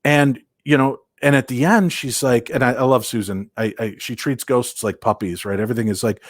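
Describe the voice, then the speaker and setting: A man from Minnesota telling paranormal investigation stories as an interview guest, animated and acting out quoted voices. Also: medium pitch, normal speed, hardly any pauses, no echo, clean studio sound. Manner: lively, acts out quoted voices, many restarts.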